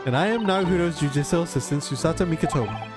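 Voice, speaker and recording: A man voicing a polite young female legal assistant with a gentle, courteous manner, reading game dialogue aloud. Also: fairly high pitch, racing, over music, lightly acted.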